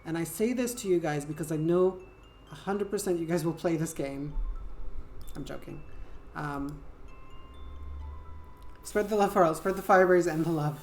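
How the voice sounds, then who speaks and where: A woman's voice: sits low, moderate pace, darkish tone, soft background music. A woman with a French accent chatting casually and playfully while streaming a game, swearing now and then. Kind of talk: casual gameplay chat.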